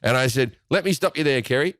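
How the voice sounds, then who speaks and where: A man's voice: medium pitch, lively intonation, quick pace, a bit bright, no echo, clean studio sound. A man, a comedian guest, telling crude anecdotes in casual chat, often restarting his phrases. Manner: profane storyteller, restarts phrases, acts out quoted voices.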